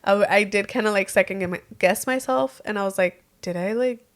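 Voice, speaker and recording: A woman's voice: mid-range voice, brisk. A young woman co-hosting a podcast, chatting casually and quoting herself with many fillers. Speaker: podcast co-host. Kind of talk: casual chat.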